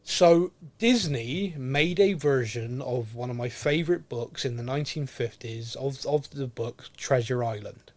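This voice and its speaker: A man's voice: mid-range voice, a little slow. A man with a Bristolian accent co-hosting a casual podcast, chatty and laughing at his own jokes. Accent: Bristolian English. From England. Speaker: podcast co-host. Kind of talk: casual chat.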